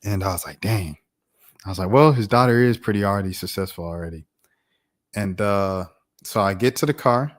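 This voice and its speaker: A man in his thirties hosts his own stream, telling a casual storytime in an animated, slangy way with laughing asides. His voice is fairly low, and he talks at a moderate pace.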